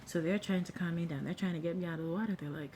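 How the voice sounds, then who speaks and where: A young woman tells a storytime to her camera, animated and chatty, sometimes dropping to a whisper. Her voice sits a little low and sounds mellow. Faint noise hums behind her. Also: racing. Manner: animated, acts out quotes, drops to a whisper at times. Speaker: vlogger telling a story. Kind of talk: casual storytime.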